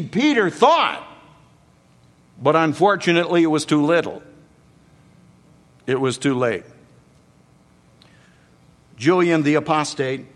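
A man's voice: fairly high pitch, fairly bright tone, long reverb tail. An older man preaching a sermon, dramatically acting out the quotes in the story.

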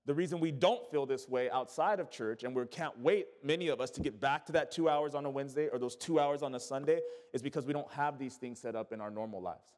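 A pastor preaches a sermon in a church sanctuary, using emphatic repetition and call-and-response with his congregation. His mid-range, slightly mellow voice moves at a quick pace with few pauses, echoing through the church hall.

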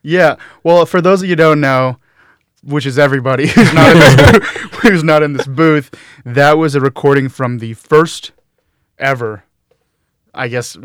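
Young man, college radio host, rambling jokey chat, clear resonant voice, dry studio. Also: a little high, moderate pace, fairly bright tone, no echo. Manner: rambling, joking, stumbling restarts. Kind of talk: casual chat.

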